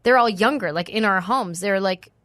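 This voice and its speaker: A woman's voice: mid-range voice, normal speed, a bit bright. A woman chatting on a podcast in an emphatic way, joking about herself and explaining things at length. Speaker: podcast co-host. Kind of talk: casual podcast chat.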